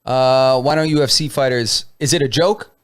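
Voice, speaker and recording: A man's voice: medium pitch, normal speed, clear, resonant tone. A man co-hosting a podcast, bantering easily and laughing often. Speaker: podcast co-host. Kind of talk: casual chat.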